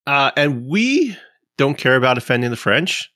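A man's voice: medium pitch, very animated, normal speed, bright, forceful tone, no echo, studio quality. A man hosting a gaming podcast, chatting casually and teasing his guests. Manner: joking, teasing. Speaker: podcast host.

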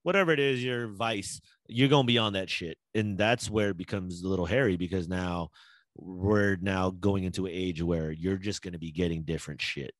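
A man's voice: sits low, moderate pace, dry recording. A man in casual chat, ranting with heavy profanity. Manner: profane, heated rants.

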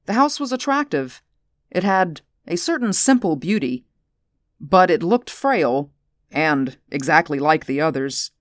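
A woman narrating a story aloud in a measured audiobook reading. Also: low voice, expressive, no echo, studio quality. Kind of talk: audiobook narration of science fiction.

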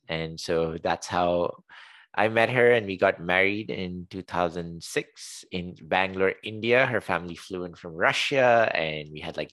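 A man in his forties, originally from Saudi Arabia, speaks in a very low voice as an interview guest. He tells personal stories casually, laughing often and pausing on fillers. His voice sounds dry and close, with no room echo. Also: fairly bright tone. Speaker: guest, company CEO.

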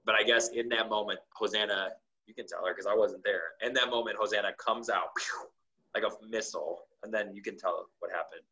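Talk-show guest, male, lower voice, lively story delivery, dull recording. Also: fairly quick. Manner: acts out quoted dialogue with lots of "like". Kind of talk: animated storytelling.

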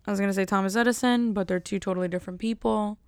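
Woman rambling jokey vlog chat, gravelly edge, dry close sound. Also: medium pitch, steady tone, racing, no echo. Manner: rambling, jokey, self-mocking. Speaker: vlogger. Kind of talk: casual chat to camera.

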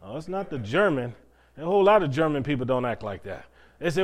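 A man with a slightly high voice preaches a sermon. He puts rhetorical questions to the congregation and draws out key words for weight, slowing down to press each point home. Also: expressive. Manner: preaching with rhetorical questions, drawn-out emphatic phrases. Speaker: pastor.

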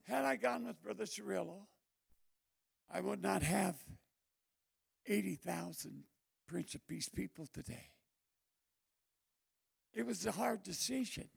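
An older male preacher tells sermon stories in a heavily gravelly voice pitched fairly high for a man. His delivery is animated, dropping to quiet asides and then rising into loud bursts. The tone is husky and rough. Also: a little slow, long pauses. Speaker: missionary preacher. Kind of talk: storytelling sermon.

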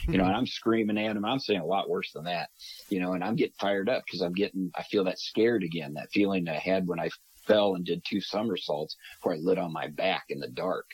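Brief: man in the guest seat, deep and a bit husky, tells a story with energy and acts out the people he quotes. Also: brisk, poor audio. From Minnesota. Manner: animated, acts out quoted voices. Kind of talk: casual podcast storytelling.

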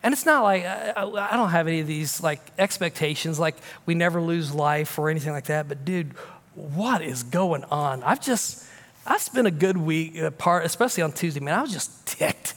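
A man's voice: fairly high pitch, normal speed, fairly bright tone, long reverb tail. A man pastor preaching a sermon, swinging between emphatic declarations and casual, confiding talk.

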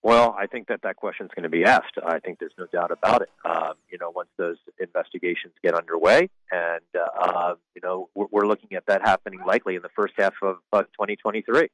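Low-voiced man reporting on politics. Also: flat delivery, a bit bright, no echo, rough recording. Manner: measured, explanatory, with frequent fillers. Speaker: White House correspondent. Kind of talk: radio interview.

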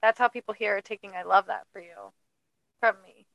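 A woman co-hosting a casual podcast chat, upbeat and blunt, reacting quickly and laughing often. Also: medium pitch, steady tone, gravelly, lo-fi sound. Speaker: podcast co-host.

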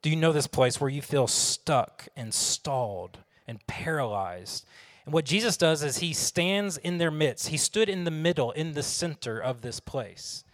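A man preaches in a relaxed, conversational way, tossing questions to the congregation. His voice sits a little high for a man. It rings with a long hall reverb, as in a church sanctuary. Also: measured pace. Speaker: pastor. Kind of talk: sermon.

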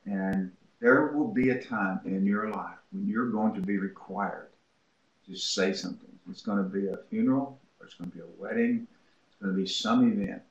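A man, a writing instructor, talking casually as an interview guest and acting out his exchanges with students as he tells stories. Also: lowish voice. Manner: animated storytelling, acts out quoted exchanges with students. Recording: roomy, dull lo-fi recording.

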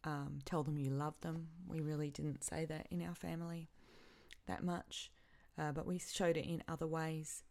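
A woman hosting her own podcast, speaking haltingly and with feeling as she grieves, often stopping and repeating herself. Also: deep voice, little pitch movement, creaky, a little mellow. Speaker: podcast host. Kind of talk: personal podcast monologue.

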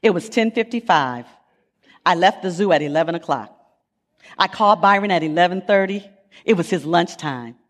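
A woman in her fifties, a guest speaker at church, telling an animated personal testimony with dramatic pauses. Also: fairly low pitch, in a large hall. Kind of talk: sermon testimony. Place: church sanctuary.

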